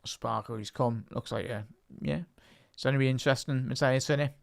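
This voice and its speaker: A young man with a Liverpool accent hosts a live football watch-along and talks casually with his chat between plays. When the action picks up he moves into quick play-by-play calls. His voice is smooth and clear, sits at a middle pitch, and is recorded dry and close. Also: no echo. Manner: chatty, reads live chat aloud and lifts into play-by-play calls. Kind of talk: live match-day watch-along commentary.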